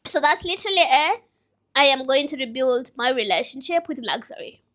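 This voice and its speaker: A young woman in her twenties speaks in a high, bright voice. She rambles through an emotional, self-reflective personal vlog, as if thinking aloud to the camera. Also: expressive, a little fast. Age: 20s. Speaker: vlogger and business owner.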